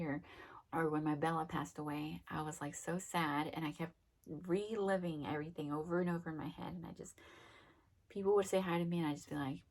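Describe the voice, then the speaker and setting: A woman's voice: low voice, steady tone, fairly quick, creaky. A young adult woman giving a casual, rambling self-help talk, full of fillers and acted-out quotes. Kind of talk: casual monologue.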